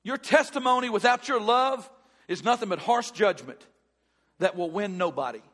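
A middle-aged male pastor preaching a sermon and telling a personal story, shifting between loud emphatic lines and hushed ones. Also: sits high, animated, normal speed.

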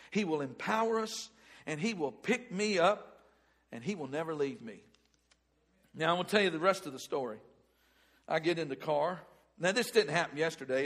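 A man preaching a sermon, animated, swinging from loud outbursts to hushed asides. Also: fairly high pitch.

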